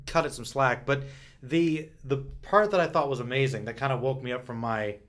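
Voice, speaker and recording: A man's voice: medium pitch, moderate pace, a bit bright. A man co-hosting a podcast in casual chat, rambling and cutting himself off, laughing often. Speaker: podcast co-host.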